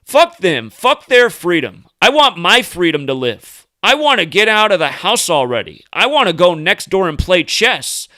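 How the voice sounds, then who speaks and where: Brief: American man hosting a profane, combative rant vlog; high, sharp voice, smooth and dry. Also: very animated, moderate pace, hardly any pauses, dry recording. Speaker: host. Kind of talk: ranting video commentary.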